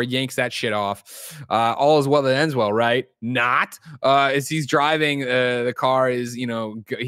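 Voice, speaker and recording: A man's voice: mid-range voice, fairly bright tone, clean tone, dry recording, clean studio sound. A man co-hosting a podcast, casually recapping a film scene by scene, swearing freely and acting out the characters' lines as he goes. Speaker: podcast co-host. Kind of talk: casual movie recap chat. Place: home setup, remote show.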